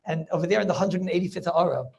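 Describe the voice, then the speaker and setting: A man's voice: sits high, fast talker, gravelly, darkish tone. A man, a rabbi, teaching an informal class over a video call, chatty and sprinkling in study-hall terms. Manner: chatty, mixes in Yiddish and Hebrew study terms.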